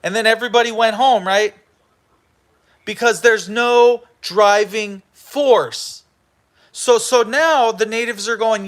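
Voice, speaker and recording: A man's voice: high voice, takes it slowly, fairly bright tone. A man hosting a livestream, ranting heatedly with profanity and lots of repetition. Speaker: livestream host.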